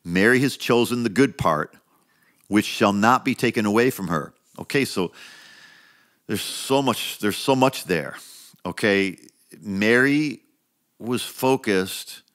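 Male pastor, low voice, conversational sermon delivery with emphatic repetition. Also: slow, fairly bright tone. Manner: emphatic, repeats phrases, rises in pitch when stressing a point; conversational preaching with frequent restarts and asides.

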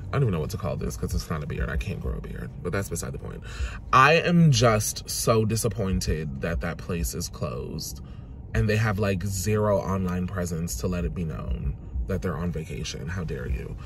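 A man from Jamaica chatting on a handheld camera in a food vlog, dramatic and sassy, jumping from loud exclamations to low muttered asides. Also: expressive, normal speed, slight background noise. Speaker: food vlogger. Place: in a car, out and about, then at home. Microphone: handheld camera or phone.

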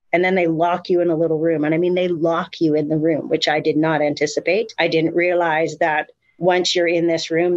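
A middle-aged woman telling her story as an interview guest, candid and animated, with many fillers and restarts. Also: fairly low pitch, no echo, highs cut off. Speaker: guest, mother of incarcerated sons. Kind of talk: emotional personal storytelling.

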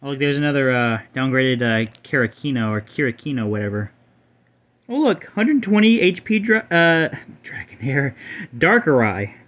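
A man's voice: mid-range voice, lively intonation, normal speed, fairly bright tone. A young man casually showing off his card collection, rambling, swearing freely and stumbling over names. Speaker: channel host.

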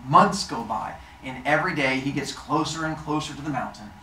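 A man telling a myth to children in a lively, playful way. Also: mid-range voice, a little fast. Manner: animated, playful. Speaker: storyteller. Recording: echoey room, distant mic, faint noise.

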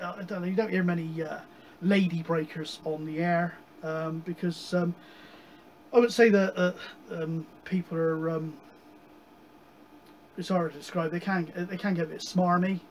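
A man casually chatting about his radio hobby, rambling with many pauses and digressions. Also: high voice, a little hiss or hum, poor audio. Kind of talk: casual chat.

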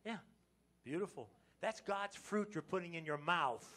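An American man preaching a lively Palm Sunday sermon in church, joking with the congregation and breaking into sudden loud exclamations. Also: high-pitched, measured pace. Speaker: pastor. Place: church sanctuary.

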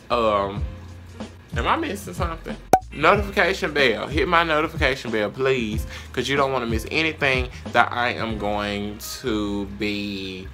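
A man's voice: mid-range voice, pushed and bright. A young man with a Southern US accent, giving a brash, profane, sassy advice rant as a vlogger. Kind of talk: casual advice rant to camera.

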